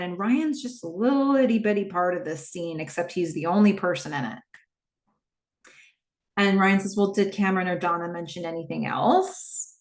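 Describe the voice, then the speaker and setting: A woman talks through a TV episode scene by scene, chatty and animated, with plenty of "like" and "um" between thoughts. Her voice sits at an ordinary middle pitch. The room around her sounds roomy and echoey. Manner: chatty, animated retelling with many fillers. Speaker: podcast host. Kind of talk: casual TV rewatch recap.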